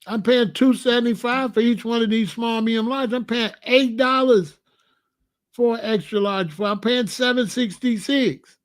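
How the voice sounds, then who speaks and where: A man's voice: very high-pitched, steady tone, normal speed. A man hosting a reaction commentary, arguing his point through repeated rhetorical questions. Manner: argumentative, piling up rhetorical questions. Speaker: commentary host.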